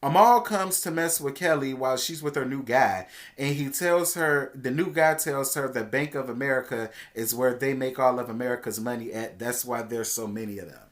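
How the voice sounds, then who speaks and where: A man giving a casual, sassy TV episode recap, chatty and expressive, calling his viewers "girl.". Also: mid-range voice, normal speed, few pauses. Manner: expressive, swings between hushed asides and loud exclamations. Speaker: TV show reviewer.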